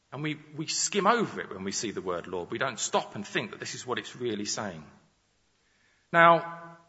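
A man preaches a teaching sermon, his pitch rising and falling freely as he works through examples and questions. His tone is bright and forceful. The sound is dull and rings with long reverb through a large church hall.

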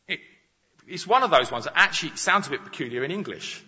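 A man's voice: a little high, animated, fast talker, sharp tone. A man preaching a sermon, explaining Scripture with examples and rhetorical questions. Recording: dull sound with long reverb in a large hall.

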